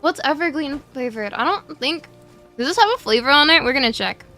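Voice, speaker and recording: A woman's voice: high-pitched, expressive, a little fast, pushed and bright, faint music behind. A young woman streaming a game and chatting with her viewers, greeting them over and over, her speech a little muffled by a cough drop in her mouth. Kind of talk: casual live-stream chat while gaming.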